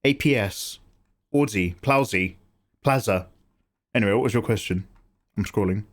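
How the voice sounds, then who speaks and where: A man's voice: on the low side, moderate pace. A young man casually chatting on an art livestream, theatrical and grumbling, with swearing. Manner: animated, theatrical complaining with swearing.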